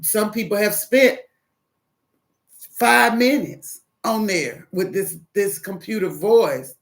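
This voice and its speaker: A woman with a Southern US accent giving a casual devotional talk, animated and preachy, acting out phone calls as she goes. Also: mid-range voice, slow pace. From American South. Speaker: Christian single encouraging viewers.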